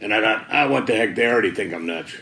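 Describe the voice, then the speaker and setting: A man's voice: lowish voice, animated, fast, gravelly, pushed and bright, reverberant, a little hiss or hum. A middle-aged man giving a personal testimony in a folksy, casual way, often saying "man" and "you know". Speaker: testimony speaker.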